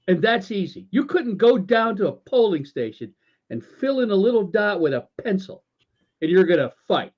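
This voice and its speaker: A man's voice: high-pitched, sing-song, moderate pace, a little mellow. A man co-hosting a casual talk show, ranting with lots of stammering restarts, swearing and sarcasm. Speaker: podcast co-host. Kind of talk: casual political rant. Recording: dull lo-fi audio.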